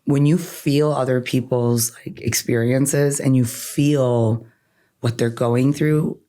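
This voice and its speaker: A woman's voice: extremely low pitch, slow pace. A woman from Iran, an attorney guest on an interview podcast, speaking earnestly and often ending thoughts with "right?". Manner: earnest, animated, says "right?" constantly. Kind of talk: conversational interview.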